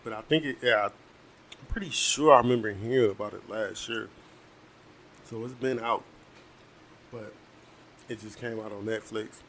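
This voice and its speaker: A Detroit man hosts a casual solo podcast, talking bluntly and heatedly with heavy profanity while he eats and drinks. His voice is lowish and fairly bright, unhurried with frequent pauses, and there's slight background noise.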